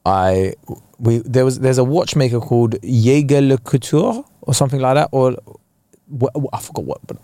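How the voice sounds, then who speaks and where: A man's voice: mid-range voice, moderate pace, mellow, no echo. A young man, co-hosting a podcast and telling a story in casual chat, full of slang and acted-out quotes. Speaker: podcast co-host.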